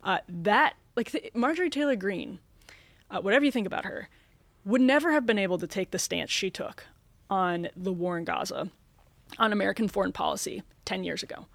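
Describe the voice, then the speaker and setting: A woman's voice: medium pitch, a little fast, vocal fry, no echo. A young woman in a casual political discussion on a podcast, talking with emphatic asides.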